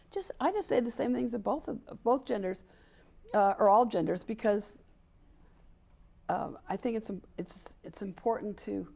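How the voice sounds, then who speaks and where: A woman's voice: medium pitch, vocal fry, warm tone. A woman in her seventies being interviewed, speaking emphatically, acting out quoted dialogue and repeating points for stress. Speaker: interview guest, sports equality advocate. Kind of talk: candid interview conversation.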